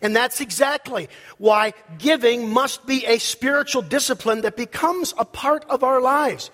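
A man preaching a sermon as pastor, emphatic, with loud peaks and quiet asides. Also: very high-pitched, measured pace, in a large hall.

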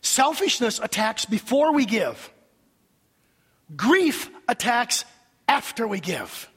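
Male pastor, husky, high-voiced, sermon in a reverberant church. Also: takes it slowly. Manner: animated preaching with acted-out quotes. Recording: long hall reverb.

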